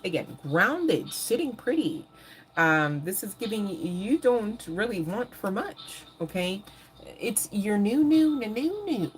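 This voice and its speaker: A woman giving a live tarot reading in a casual, animated way, swearing freely and laughing often. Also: on the low side. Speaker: tarot reader.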